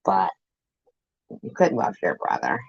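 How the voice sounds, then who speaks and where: A woman's voice: very deep voice, sing-song, measured pace, vocal fry, husky, no room sound, muffled recording. A woman vlogger chatting to her viewers in a rambling, jokey way, laughing at her own jokes. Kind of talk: rambling casual chat to viewers.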